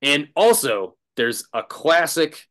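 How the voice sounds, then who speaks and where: A man's voice: on the high side, big pitch swings, takes it slowly, a bit bright. A man, a drummer as guest, telling a rambling story in casual chat, laughing and restarting often.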